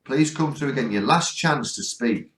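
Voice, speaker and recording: On a ghost hunt, a northern English vlogger stands in a cold spot running a spirit box session, earnestly coaxing the spirits and pleading again and again for a reply. His voice is medium-pitched and a bit bright, with lively intonation at a normal speed. The room echoes around him.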